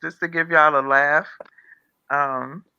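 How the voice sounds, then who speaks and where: Gravelly, bright-voiced man joking. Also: a little high, steady tone, takes it slowly, no echo, dull audio. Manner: joking, blunt. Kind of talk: casual panel chat.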